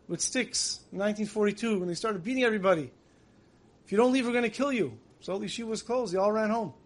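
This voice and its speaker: Rabbi a lilt, high-pitched, telling stories in a lecture and dropping soft for emotional moments. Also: male voice. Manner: tells stories with acted quotes, voice dropping soft for emotional lines. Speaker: rabbi giving a Tisha B'Av lecture. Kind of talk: storytelling sermon.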